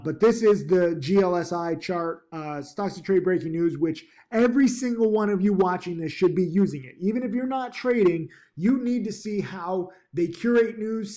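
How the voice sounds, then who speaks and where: In a casual vlog, a man who teaches stock trading speaks to his laptop with frequent ums and false starts, cheering viewers on in an upbeat, pushy way. He has a somewhat high, slightly mellow voice, picked up by the laptop mic.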